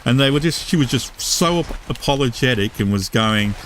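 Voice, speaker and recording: A man's voice: mid-range voice, animated, moderate pace, few pauses, fairly bright tone, a little hiss or hum. A British man casually telling a long personal story while streaming, full of fillers and restarts, swearing freely. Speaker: gaming live streamer. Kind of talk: rambling anecdote while streaming.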